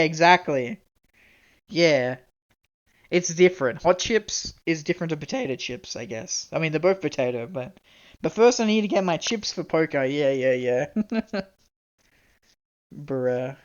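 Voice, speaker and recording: A young Australian streamer rambling through relaxed live-stream chat, laughing often and swearing without a second thought. The voice sits at a middling pitch, and the mic sounds slightly dull and lo-fi.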